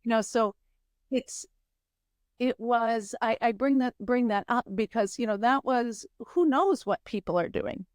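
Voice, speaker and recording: A woman guest on a podcast, musing in a halting, spiritual way with many pauses. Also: on the high side, no room sound, clean studio sound. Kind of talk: reflective interview chat.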